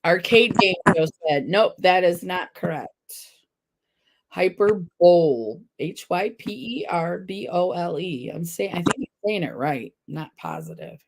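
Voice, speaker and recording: A woman's voice: on the low side, sing-song, moderate pace, gravelly, few pauses, noisy background. A woman hosting a casual trivia livestream, reading out questions, spelling words and laughing at her own slips. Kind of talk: casual chat.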